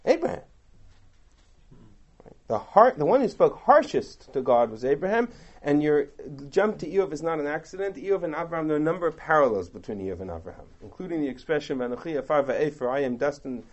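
A man's voice: on the high side, sing-song, a little fast, highs cut off. A man, a rabbi, giving a text study lecture, asking rhetorical questions and reciting verses, then translating them. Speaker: rabbi teaching a class.

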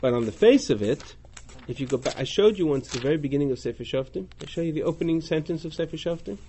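A man's voice: fairly high pitch, fast talker, a little hiss or hum. A man leading a class on a religious text, reading the original phrases aloud and then translating and questioning them. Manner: animated, reads Hebrew and Aramaic then translates. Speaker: Talmud class teacher.

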